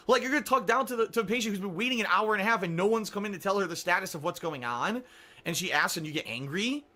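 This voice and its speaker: A man with a high, bright voice recounts a story on his radio show. His pitch swings widely as he vents in sarcastic disbelief. He swears freely and quizzes his listeners with rhetorical questions. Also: lively intonation, quick pace. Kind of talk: casual storytelling. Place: small studio.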